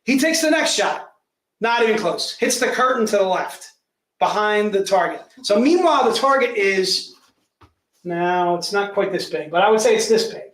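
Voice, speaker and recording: A man hosting a live stream, telling a story in a casual, animated way with restarts and laughter. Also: sits high, moderate pace. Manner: animated storyteller, repeats words, laughs often. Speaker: host of a live comic publisher stream. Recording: roomy echo.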